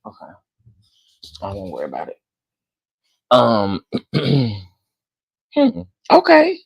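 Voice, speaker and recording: A man, hosting a casual commentary chat, animated and dramatic as he talks to his viewers. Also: mid-range voice, takes it slowly, creaky, slightly rough, dry recording, low-quality recording. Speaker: commentary channel host.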